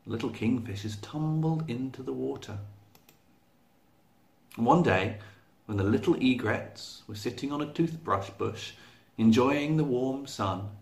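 Slow, gravelly male storyteller in an echoey room. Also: mid-range voice. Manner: slow, clear, expressive read-aloud. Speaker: storyteller reading to children. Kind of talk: reading a picture book aloud.

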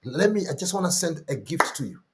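A man voicing a grateful, excited middle-aged man on the phone who pleads and repeats his thanks. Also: on the high side, fairly quick, heavy background noise, pitched above the performer's own voice. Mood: eager, grateful. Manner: eager, pleading, repetitive thanks.

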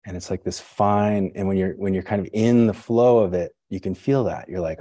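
Deep-voiced and husky with a slight breathiness, this Zen teacher delivers a dharma talk at a moderate pace with few pauses, his tone steady and dark. He thinks aloud, poses himself questions and checks on listeners, peppering it with "right?" and "you know." Recording is close and dry, no echo.

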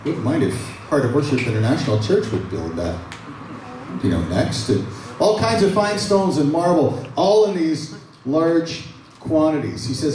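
A man with a Canadian accent, a pastor preaching a sermon, animated and casual as he reads scripture and retells it in plain words. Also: fairly high pitch, normal speed, a little hiss or hum. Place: large church hall. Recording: echoey hall, mic from far off.

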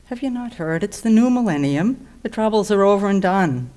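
A woman voicing a gruff old former fighter who growls with scorn. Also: low voice, animated, moderate pace, darkish tone. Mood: scornful.

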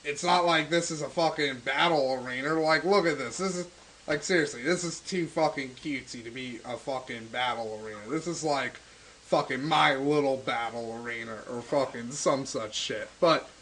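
A man's voice: medium pitch, moderate pace, fairly bright tone, a little hiss or hum, low-quality recording. A young man giving rambling, profane commentary while playing an old video game, ranting and stoned. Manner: swears constantly, rambling and ranting. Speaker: gaming video host. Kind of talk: profane let's-play commentary.

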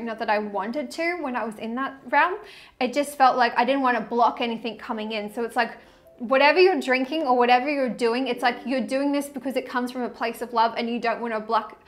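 Woman, high bright-pitched tarot vlogger, effusive, rambling, laughs a lot. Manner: chatty, effusive, laughs often, trails off mid-sentence. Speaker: tarot reader. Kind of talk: casual tarot reading to camera.

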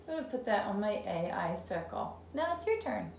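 A woman teacher leading a phonics game for young children, sounding out words slowly, repeating them and praising the child between turns. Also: mid-range voice, big pitch swings, vocal fry, a little mellow, echoey room, a little hiss or hum. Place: home room.

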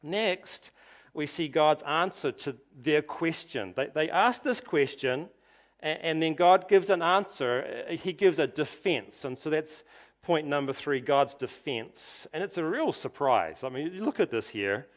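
A man preaching a sermon, emphatic and full of rhetorical questions, sometimes dropping to a soft, quiet tone. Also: on the high side, lively intonation, measured pace. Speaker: pastor.

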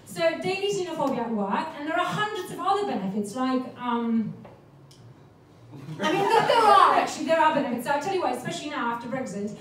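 A woman's voice: high voice, sing-song, fast talker, very noisy. A woman, doing a brash, profane, self-mocking stand-up comedy set on a club stage. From Poland. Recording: echoey club room, far from mic, audience laughter.

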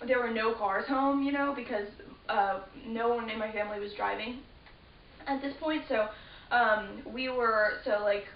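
A teenage girl with a fairly high voice rambles through a story, stacking fillers and restarting her sentences. She sits some way from the mic in a roomy space. The sound is dull and lo-fi under a faint hiss. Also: unhurried, far from the mic. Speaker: vlogger. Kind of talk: casual storytelling to camera.

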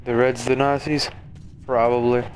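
A young man talking over his gameplay in a crude, joking way, swearing freely. His voice sits at a middle pitch, with faint noise behind it. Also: flat delivery, moderate pace. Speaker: let's play gamer. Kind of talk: casual gameplay commentary.

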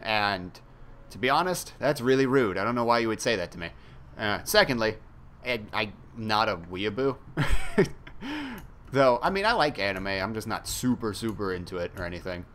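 Rambling young man, low voice. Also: expressive, brisk, fairly bright tone, slight background noise. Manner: rambling, self-mocking, casually profane. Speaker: gaming YouTuber. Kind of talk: casual chat while playing a game.

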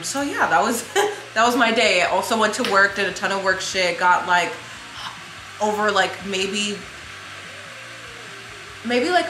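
A woman of about thirty, a beauty vlogger who owns a makeup brand, chats loosely on her vlog in a medium-pitched voice, rambling, swearing offhandedly and wandering into side comments. She's in an echoey room with music playing and a noisy background.

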